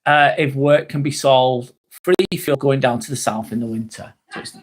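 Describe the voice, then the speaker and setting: A man's voice: mid-range voice, steady tone, normal speed. A man hosting a live vlog, casually chatting, reading out viewer comments, swearing and laughing now and then. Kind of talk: casual live-stream chat.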